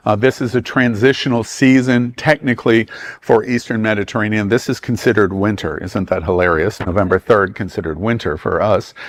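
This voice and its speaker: A man's voice: lowish voice, no room sound. A man with a Southern US accent, hosting a travel club and briefing a group in a meeting room in a chatty, joking way.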